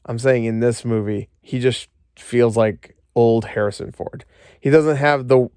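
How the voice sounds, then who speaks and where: A man's voice: medium pitch, darkish tone, smooth, no room sound, clean studio sound. A man ranting sarcastically about a movie, swearing often and stumbling through fillers. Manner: sarcastic, profane, frustrated ranting with frequent fillers. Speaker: movie reviewer. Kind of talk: casual ranting review. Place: lying in bed at home.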